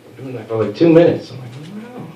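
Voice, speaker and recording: A man doing a stand-up comedy set, telling a story and jumping into high put-on voices for the people in it. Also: lively intonation, rapid-fire, warm tone, muffled recording. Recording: roomy, distant mic with faint noise.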